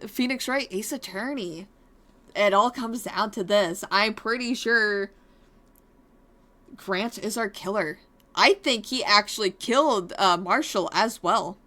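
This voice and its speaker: A woman's voice: mid-range voice, slow, bright, forceful tone. A woman giving casual, chatty commentary on a game she is playing, loose and full of fillers, with game music behind. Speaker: let's play host.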